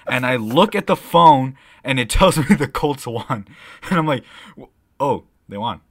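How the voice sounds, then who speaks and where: A young man co-hosting a casual podcast, telling a rambling story with lots of swearing and excitable bursts. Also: medium pitch, normal speed, no echo, studio quality. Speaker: podcast co-host. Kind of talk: casual chat.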